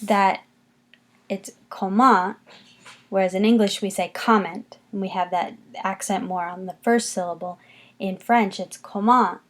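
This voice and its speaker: A woman's voice: medium pitch, fairly even intonation, darkish tone. A woman teaching a beginner French lesson, patiently repeating each word for her students. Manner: patient, slow, repeats words for students to copy. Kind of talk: recorded classroom lesson.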